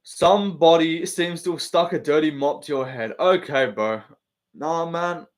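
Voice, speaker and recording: A man's voice: on the high side, unhurried. A young man in his twenties with an Australian accent hosting a casual live stream, reading comments in a joking, laid-back way full of slang and swearing.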